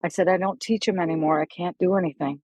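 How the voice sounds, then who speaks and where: A middle-aged woman, a golf instructor, telling stories animatedly in a casual podcast chat, with quick asides and restarts. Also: on the low side, steady tone, darkish tone, dry recording, low-quality recording.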